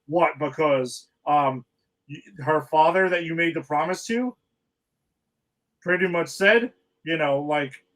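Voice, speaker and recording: A man with a slightly high voice recaps a film's plot in casual podcast chat. He adds dry, mocking asides as he goes. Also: slow, fairly bright tone, low-quality recording. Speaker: podcast co-host.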